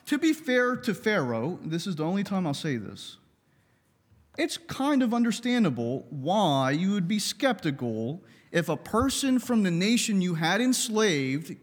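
A man teaching a Bible lesson in a conversational, expressive way, with asides and light humor. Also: sits high, long reverb tail.

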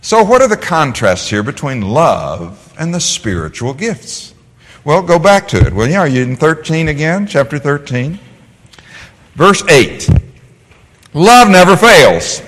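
A man teaching a Bible class, animated, asking the class questions and answering them himself. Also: fairly high pitch, unhurried. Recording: long hall reverb.

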